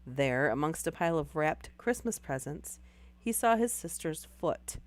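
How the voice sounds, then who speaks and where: Hoarse woman reading on a live stream. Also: deep voice, expressive, measured pace. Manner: wry, laughs between lines. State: hoarse, losing voice.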